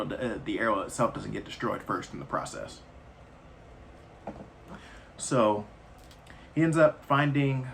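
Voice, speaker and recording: A man's voice: on the low side, gravelly, a bit bright, slight background noise. A man casually retelling a film's plot in a loose, rambling way with slangy asides. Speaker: movie reviewer.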